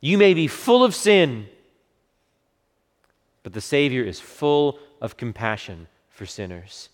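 A man preaching a sermon with fervent swells of emphasis and softer, hushed moments. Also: mid-range voice, very animated, slow pace. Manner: fervent, rising to bursts then dropping to hushed quotes. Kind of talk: expository sermon. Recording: long reverb of a large hall.

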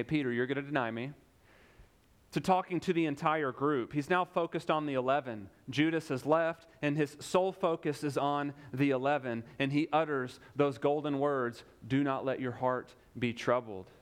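A young man preaches with emphatic force, repeating key phrases and leaning into dramatic pauses. His voice sits a little higher than most men's. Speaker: pastor. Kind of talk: sermon.

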